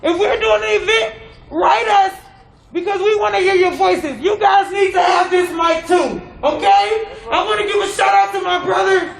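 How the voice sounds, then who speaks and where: A man shouting an impassioned rally speech as a protest organizer, outdoors at a protest. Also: extremely high pitch, steady tone, moderate pace, creaky, roomy sound, a faint crowd, a little hiss or hum, poor audio. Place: outdoor protest outside a mansion.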